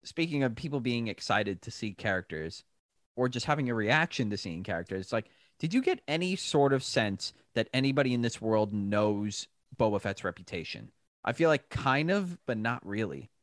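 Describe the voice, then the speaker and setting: A man's voice: medium pitch, big pitch swings, moderate pace, dry recording, studio quality. A young man co-hosting a casual fan chat, hesitant and full of "like". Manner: chatty, hesitant, lots of "like". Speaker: podcast co-host.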